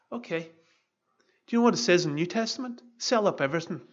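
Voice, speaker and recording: A man's voice: sits high, animated, moderate pace, long pauses, slightly rough, dull audio. A pastor in his fifties preaching an earnest, emphatic sermon. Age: 50s.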